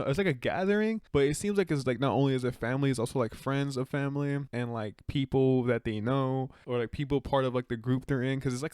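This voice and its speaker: A man giving a casual movie review rant, excitable and profane, rambling with restarts and self-corrections. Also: medium pitch, clear, resonant tone, no room sound, studio quality.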